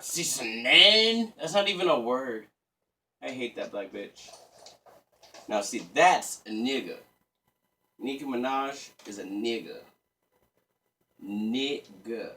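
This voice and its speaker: A man's voice: medium pitch, normal speed, pauses often. Profane, rambling man, off-mic. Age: 30s. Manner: crude, profane, rambling, sarcastic. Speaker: vlogger. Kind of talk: casual rambling rant. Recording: voice a bit distant from the mic.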